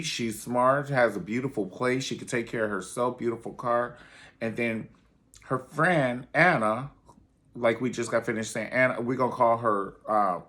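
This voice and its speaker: A man's voice: mid-range voice, a bit bright. A man reviewing a reality show in a sassy, theatrical way, calling everyone honey. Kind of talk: casual commentary video.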